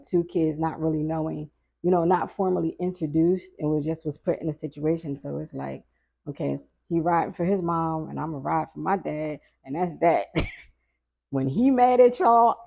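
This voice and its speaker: A middle-aged woman with a low voice tells a story from her past in a relaxed, chatty way. Her voice has a gravelly fry and a husky edge. She acts out the people she quotes with lively little voices and laughs along the way. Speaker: podcast guest. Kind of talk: casual storytelling.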